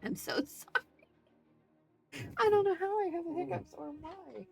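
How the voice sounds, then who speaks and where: A woman's voice: very high voice, lively intonation, normal speed, gravelly, soft background music. A woman chatting casually through an art journaling tutorial, thinking aloud, fussing over details and talking to her viewers. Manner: fussy, second-guessing. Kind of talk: casual crafting tutorial chat.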